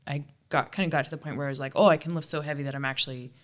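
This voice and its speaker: Low-voiced woman, frank casual talk. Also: fairly even intonation, fairly bright tone. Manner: frank, swears freely, quick asides. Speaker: podcast co-host and CrossFit coach. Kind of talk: casual chat.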